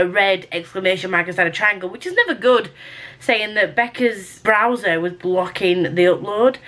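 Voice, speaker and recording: A young woman talking casually to camera in a weekly reading vlog, chatty and rambling with quick asides. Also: on the low side, a bit bright. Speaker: book vlogger.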